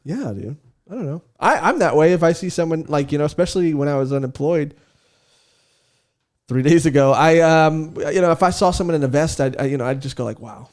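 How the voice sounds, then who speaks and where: On a podcast, a young male co-host rambles through a funny story, swearing, laughing a lot and saying "dude" constantly. His voice is fairly high and darkish in tone, and he talks a little fast into a studio podcast mic.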